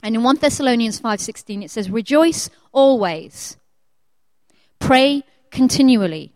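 A woman preacher in her thirties telling a chatty personal story with animated quoted voices before turning to her sermon. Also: a little high, unhurried, dry recording.

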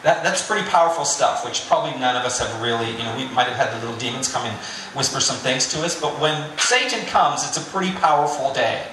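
A man's voice: medium pitch, expressive, quick pace, few pauses, sharp tone, a little hiss or hum. A man preaching a sermon in a conversational, joking way. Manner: conversational and joking, with filler "you know". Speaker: pastor. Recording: very echoey room.

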